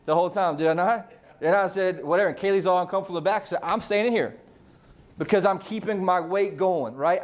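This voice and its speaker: Fairly high-voiced man coaching a team. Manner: casual, fires rhetorical questions, swears freely. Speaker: real estate team coach. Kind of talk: motivational team meeting talk.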